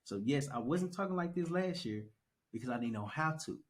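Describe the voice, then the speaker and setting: Animated young man telling his story. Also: a little high, fairly quick. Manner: animated storytelling, repeats phrases for emphasis. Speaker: podcast guest. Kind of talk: casual conversation.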